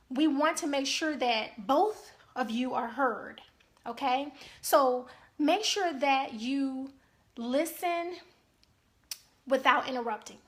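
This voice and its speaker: A woman's voice: high voice, a bit bright. A woman marriage counselor giving an earnest, emphatic talk to couples, often checking in with "okay?".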